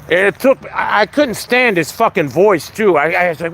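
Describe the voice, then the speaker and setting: High-voiced man ranting on a live stream. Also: expressive, moderate pace, creaky, hardly any pauses, a bit bright. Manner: profane, ranting. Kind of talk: casual live-stream chat. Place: outdoors.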